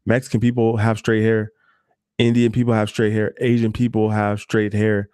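A man's voice: fairly low pitch, monotone, moderate pace, darkish tone, clean tone, no echo, studio quality. A man who works as a barber, giving loose, candid advice straight to the listener with plenty of fillers and asides. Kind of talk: casual advice talk to camera.

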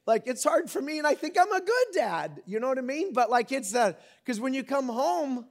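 A middle-aged man preaching a sermon in a conversational, joking way, with sudden loud bursts. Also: very high-pitched, very animated, normal speed. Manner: conversational and joking, with big dynamic swings. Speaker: pastor.

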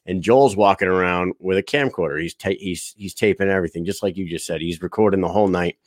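Laid-back, low-voiced man telling stories. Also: fast talker, no room sound, clean studio sound. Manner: laid-back, swears freely, tells rambling stories. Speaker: podcast host. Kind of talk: casual podcast chat.

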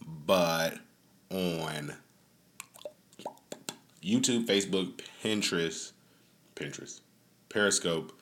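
Deep-voiced man venting casually on a podcast. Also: a bit bright. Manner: profane, rambling, venting with laughs. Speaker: podcast host. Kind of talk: casual streamed podcast talk. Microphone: phone on a stand.

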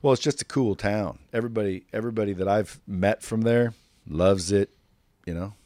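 Brash, deep-voiced male podcast host. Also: moderate pace, dark tone, no echo. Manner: brash, profane, jokey. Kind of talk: casual interview banter. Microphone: studio microphone.

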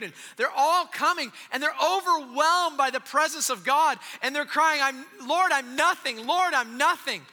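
High, bright-voiced preacher in a reverberant hall. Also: male voice. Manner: swings from loud storytelling to quiet, intimate asides; casual, joking delivery with slang and restarts. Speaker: pastor. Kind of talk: sermon.

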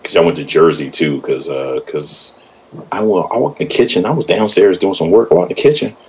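A middle-aged man co-hosting a casual podcast, ranting in a profane, storytelling way and jumping up in pitch when he quotes people. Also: a little fast, a little mellow, slightly rough, poor audio. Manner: profane, ranting storyteller who jumps high in pitch when quoting others. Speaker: podcast co-host. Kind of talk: casual chat. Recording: faint background noise.

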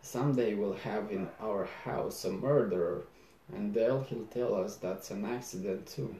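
A man reading aloud as a stern, sarcastic old father, scolding slowly and low in a roomy space. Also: mellow, slight background noise, lightly acted. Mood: scornful.

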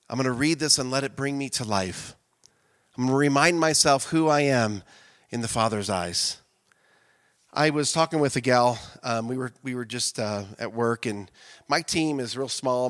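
Bright-voiced man giving a lively sermon. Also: medium pitch, no room sound. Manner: conversational, bursts into loud impassioned shouting. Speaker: speaker at a women's event.

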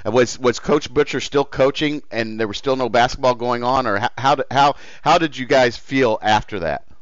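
Man asking halting questions. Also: medium pitch, no echo, lo-fi sound. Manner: halting, stumbling questions with many restarts. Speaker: interviewer, host. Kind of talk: casual interview questions.

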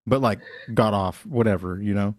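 A man joking in casual podcast banter, rambling and profane, often slipping into quick mocking impressions. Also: on the low side, no room sound, clean studio sound. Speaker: comedy podcast panelist.

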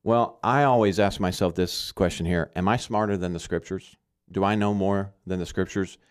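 A man's voice: low-pitched, steady tone, moderate pace, clean tone. A man from Arkansas giving earnest, emphatic Christian teaching in conversation, often checking in with "okay?".

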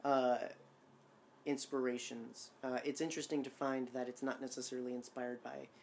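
Male podcast co-host, loose and rambling, mid-pitched, faint hiss behind. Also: little pitch movement, moderate pace, gravelly. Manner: rambling, self-amused, many fillers and restarts. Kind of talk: casual chat.

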